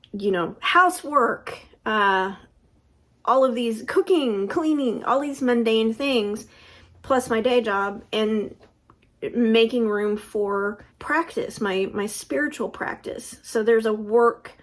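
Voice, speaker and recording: A middle-aged woman from the United States, talking reflectively in a personal tarot vlog with frequent pauses. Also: fairly high pitch, fairly bright tone. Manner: unhurried, thoughtful, with frequent pauses. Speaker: tarot vlogger.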